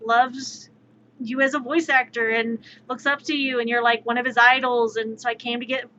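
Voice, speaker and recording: A woman's voice: on the high side, normal speed. A young woman streamer telling a story casually and animatedly, slipping into voices for the people in it. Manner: animated, acts out voices in anecdotes. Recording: muffled stream audio with faint noise.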